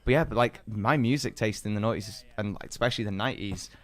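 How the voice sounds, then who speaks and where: A man's voice: fairly low pitch, quick pace. A British man in his thirties co-hosting a podcast, telling stories in rambling casual chat full of fillers. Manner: rambling, many fillers, animated storytelling. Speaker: podcast co-host.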